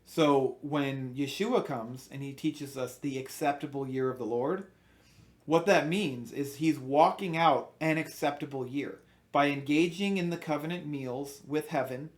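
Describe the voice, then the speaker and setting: A man giving an informal Bible teaching, earnest and emphatic, often restarting his sentences. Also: fairly high pitch.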